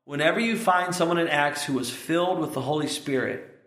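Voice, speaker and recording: Male pastor, sermon, impassioned, rises to shouts, echoey hall. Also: fairly high pitch, a little fast. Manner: impassioned, building to shouts at peaks.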